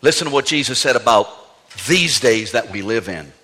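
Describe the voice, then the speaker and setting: An older man preaches a sermon, shifting between calm teaching and animated, playful asides. His voice is bright and ringing, carried by the long reverb of a large hall. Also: medium pitch, moderate pace, slightly rough. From New Orleans. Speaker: pastor.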